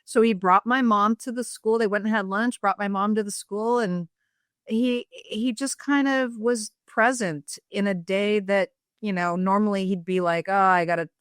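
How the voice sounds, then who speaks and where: A woman's voice: medium pitch, steady tone, normal speed, a bit bright, smooth, dry recording, clean studio sound. A woman guest on a podcast, reflectively recounting memories and acting out bits of remembered dialogue. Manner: reflective, acts out quoted dialogue. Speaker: guest, sister of the subject. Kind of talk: casual interview storytelling.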